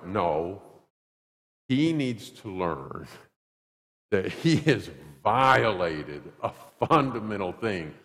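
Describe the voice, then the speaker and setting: A male pastor preaching a sermon in a church, emphatic and animated, acting out little scenes. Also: fairly low pitch, slow pace, big-room sound. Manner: animated, acts out quotes, emphatic repetition. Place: church sanctuary.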